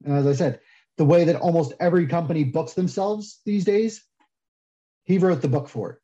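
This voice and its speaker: A man's voice: on the high side, normal speed. Opinionated man on a muffled line. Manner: self-deprecating, opinionated, lively when arguing. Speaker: guest soap maker. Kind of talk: casual podcast interview.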